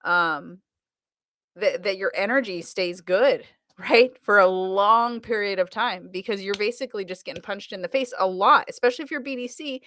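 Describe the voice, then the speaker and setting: An American automotive sales trainer, appearing as a guest in a casual interview, chats energetically about the car business, laughing often and restarting sentences. Her medium-pitched voice is fairly bright at a moderate pace, with a little hiss or hum.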